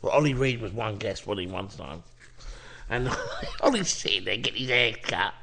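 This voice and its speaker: A man's voice: on the low side, moderate pace, creaky, sharp tone, a little hiss or hum. A man in casual podcast chat, rambling and swearing, with lots of false starts. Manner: swearing, rambling, full of restarts.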